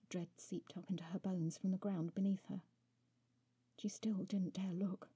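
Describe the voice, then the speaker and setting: A woman author reading her own short story aloud in a soft, measured way. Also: on the low side, flat delivery, slightly rough, dry recording. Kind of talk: storybook narration.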